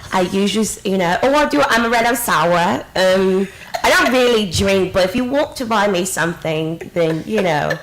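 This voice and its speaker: A woman's voice: mid-range voice, animated, normal speed, natural voice, poor audio. A woman voicing her own flirty bar alias with a put-on Cockney accent. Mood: coy. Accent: put-on Cockney English.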